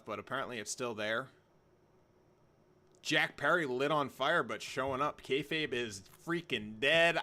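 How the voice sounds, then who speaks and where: A man's voice: mid-range voice, bright, forceful tone. A young man hosting a live wrestling watch-along, rambling and joking while he reads and answers chat by name. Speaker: livestream host reacting to wrestling.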